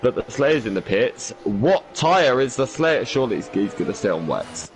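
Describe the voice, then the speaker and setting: A man commentating a sim racing league race in a chatty, animated way, arguing his point. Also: medium pitch, normal speed, soft background music, rough recording.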